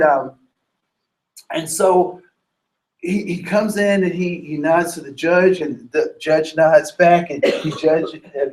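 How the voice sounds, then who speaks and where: In a workshop lecture on diversity, a man with a slightly high voice brings his stories to life by performing the voices and quizzing the audience. The sound is of poor quality.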